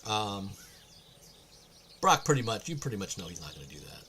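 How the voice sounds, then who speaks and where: A man narrating a tabletop game as game master over a voice call, relaxed and halting, with many fillers. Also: on the low side, slight background noise. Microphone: online voice call mic.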